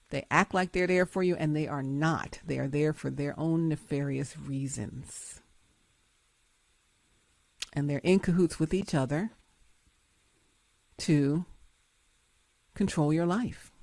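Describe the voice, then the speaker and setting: A woman's voice: lowish voice, darkish tone, no room sound. A woman hosting her show, giving emphatic, preachy commentary with frequent laughs. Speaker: host.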